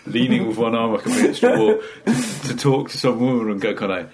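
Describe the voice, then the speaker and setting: A man's voice: mid-range voice, big pitch swings, fairly quick, a little mellow. A British man in his late thirties, a comedian chatting casually on a podcast, rambling and jokey and swearing freely. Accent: British English. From Britain. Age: 30s. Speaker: comedian guest.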